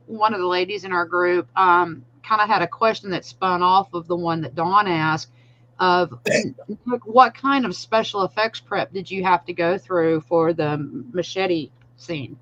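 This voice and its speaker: A man hosts a podcast, reading out questions from listeners in a chatty way. His voice is quite high and the audio is muffled and lo-fi. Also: measured pace, pushed and bright. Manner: friendly, reads out audience questions. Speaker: podcast host. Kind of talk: casual podcast interview.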